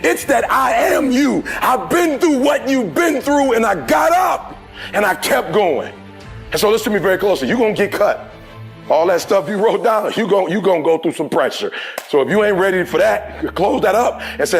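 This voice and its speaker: Male motivational speaker with a very high voice, fervent and shouting, plainspoken, faint music behind. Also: lively intonation, a little fast. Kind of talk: impassioned motivational speech.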